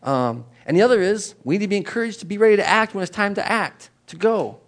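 Lively middle-aged male pastor preaching. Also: fast talker. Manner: animated, with sudden rises in pitch and volume; chatty, with repeated words and asides. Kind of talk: conversational sermon.

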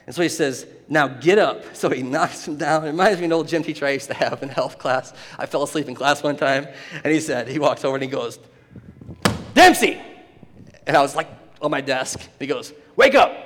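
A man preaching a sermon, animated and often laughing, acting out the voices in the story. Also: medium pitch. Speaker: pastor. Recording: long hall reverb.

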